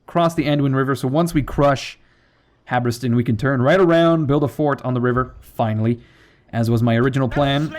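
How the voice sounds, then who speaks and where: A man's voice: mid-range voice, a little mellow. A man giving casual gameplay commentary, rambling off on jokey tangents with profane asides. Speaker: let's play commentator.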